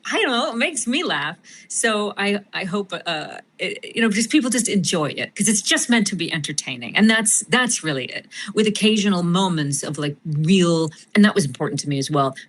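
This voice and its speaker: Woman, interview guest, animated, laughs a lot, lowish voice. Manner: animated and self-mocking, laughs often. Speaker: guest actress. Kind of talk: casual interview chat.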